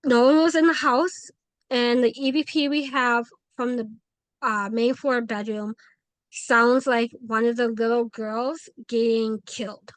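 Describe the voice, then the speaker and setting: A woman paranormal investigator telling stories in a casual interview, animated and acting out quoted dialogue. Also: on the high side, measured pace, clean tone, dry recording.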